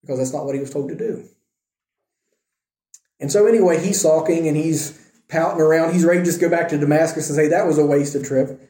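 Sex: man. Role: Bible study teacher. Style: casual, animated storytelling with joking asides. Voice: high and mellow. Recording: echoey room. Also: fairly quick, long pauses.

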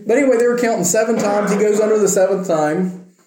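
A man's voice: sits high, quick pace, a crowd in the background. A man teaching a casual Bible study, telling the story animatedly with joking asides. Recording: echoey room.

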